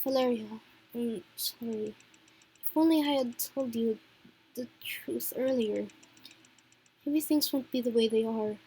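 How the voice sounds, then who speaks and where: A woman voicing a sorrowful, devoted young nobleman in a story game, speaking softly and slowly. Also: on the high side, breathy edge, exaggerated voice.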